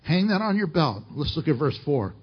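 A man's voice: on the high side, sing-song, moderate pace, breathy edge, highs cut off. A man preaching a sermon, emphatic and full of rhetorical questions to the congregation. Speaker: pastor.

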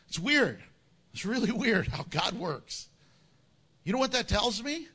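Man, pastor, sermon, high voice, bright tone, jokey, acts out quotes. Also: very animated, takes it slowly, husky.

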